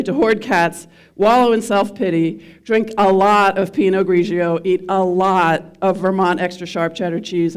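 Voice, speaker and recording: A woman's voice: lowish voice, a little mellow. Middle-aged woman, event speaker, self-deprecating and conversational, jokes with the crowd. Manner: self-deprecating, wry humor with audience questions. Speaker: speaker at a mental health event. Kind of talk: personal talk to a live audience.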